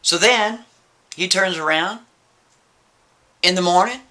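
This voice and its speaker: A man telling a story in a casual, animated way, often turning to the listener with quick asides. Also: high-pitched.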